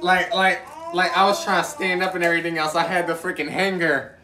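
A man, the father in a family vlog, telling the story in an animated way with lots of laughing and apologies. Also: high voice, a little fast, reverberant, crowd noise. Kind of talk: casual excited retelling.

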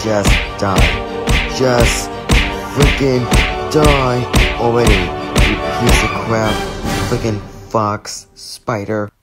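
A man's voice: on the low side, fairly even intonation, very slow. A man voicing a brash young male tiger hero in a plush puppet show, trash-talking his foes. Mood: rowdy. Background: music.

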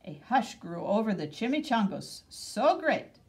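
A woman reading a picture book aloud for kids, expressive and sprinkled with playful Spanish words. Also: mid-range voice, a little slow. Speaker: reader.

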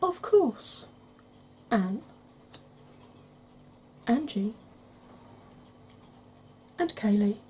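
A woman hosting a makeup tutorial, chatting in a rambling, conversational way and sometimes dropping into a soft whisper. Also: fairly high pitch, expressive, very slow, pauses often, a little hiss or hum, low-quality recording. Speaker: beauty channel host.

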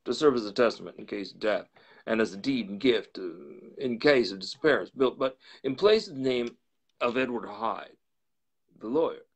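A man hosting a storytelling show, slowly and deliberately reading a classic novel aloud. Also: medium pitch, gravelly, slightly rough. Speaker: storyteller host.

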